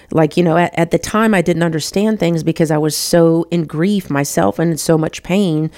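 A woman's voice: fairly low pitch, darkish tone. A woman hosting her own show, telling a personal testimony in an emotional, earnest way and talking to listeners as "y'all.". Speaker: show host.

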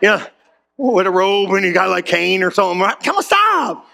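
A man's voice: sits high, normal speed, creaky. A male pastor preaching a sermon, telling stories in casual slang and acting out the characters. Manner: animated storytelling with character voices; casual slang-heavy delivery.

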